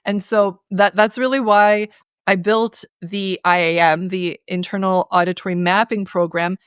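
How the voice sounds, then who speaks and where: Animated woman coaching on voice. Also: medium pitch, unhurried, smooth, no echo, studio quality. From North America. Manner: animated, demonstrative, explains with sung-out sounds. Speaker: voice and communication consultant. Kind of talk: conversational interview, coaching.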